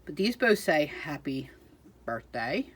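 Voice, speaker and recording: A woman's voice: deep voice, big pitch swings, takes it slowly, noisy background. A woman chatting casually through a crafting haul, chatty and self-deprecating, giggling at herself. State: out of breath.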